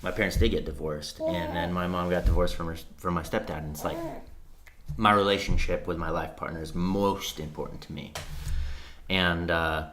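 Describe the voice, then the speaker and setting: A man's voice: low-pitched, steady tone, moderate pace, background noise. A man in his thirties, a podcast guest, talking earnestly and reflectively, with frequent "like" and casual swearing. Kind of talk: candid conversation.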